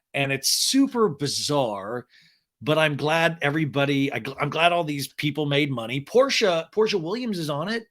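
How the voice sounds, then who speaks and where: A man hosting a podcast, chatting casually and animatedly about pop culture. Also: mid-range voice. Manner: chatty and animated, with laughs and silly quoted voices. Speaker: podcast host.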